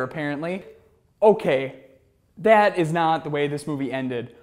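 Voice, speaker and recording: A man's voice: on the high side, expressive, normal speed, darkish tone. A young man in his twenties hosting a comedic film review, talking in a sarcastic, incredulous way. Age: 20s.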